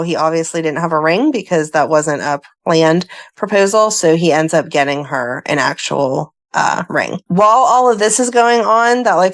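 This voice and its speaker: Woman cohost reading plot summaries, tosses in offhand comments, relaxed chat. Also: fairly low pitch. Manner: reads plot summaries aloud and adds chatty asides. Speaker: podcast co-host. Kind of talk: casual chat, reading episode recaps.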